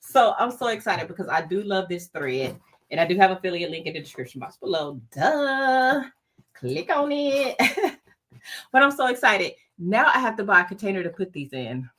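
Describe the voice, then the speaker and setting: This crafting channel host has a husky voice on the low side with a fairly bright tone. Running a casual livestream, she chats bubbly and direct to her audience, breaking into laughter often.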